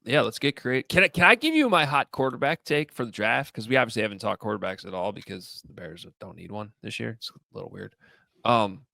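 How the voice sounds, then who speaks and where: A man in casual sports chat, animated and jokey, often trailing off and restarting. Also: fairly low pitch, fast talker, gravelly, no room sound, clean studio sound. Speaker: sports podcaster.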